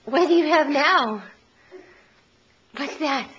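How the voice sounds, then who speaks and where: A woman's voice: high-pitched, expressive, slow, a bit bright, dull audio. Laughing woman in sing-song baby talk. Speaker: parent filming her toddler. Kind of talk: home video chat with a toddler. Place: living room at home. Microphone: handheld camcorder. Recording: noisy home camcorder audio.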